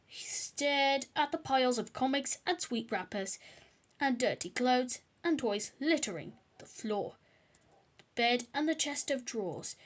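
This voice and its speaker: A woman's voice: high voice, lively intonation, unhurried. A woman reading a children's book aloud, adding chatty asides. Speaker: storyteller.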